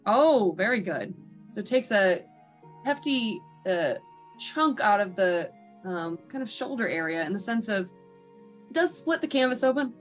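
A woman's voice: medium pitch, big pitch swings, a little slow, soft background music. A woman narrating as dungeon master, rambling and joking with many fillers. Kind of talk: narrating a tabletop game.

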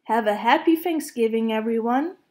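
A woman reading the lines of a cheerful purple dinosaur in a children's storybook, in a bright sing-song manner. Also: fairly high pitch, moderate pace, close to an everyday voice.

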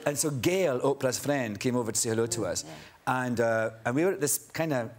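A middle-aged man with a Scottish accent, a chat show guest telling a lively anecdote and acting out other people's voices. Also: medium pitch, brisk. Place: TV studio with live audience. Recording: studio audience laughter and noise.

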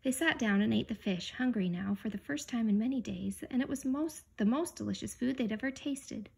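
Husky, breathy woman reading a storybook. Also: on the high side, a little fast. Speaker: audiobook reader. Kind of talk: storybook reading, partly whispered.

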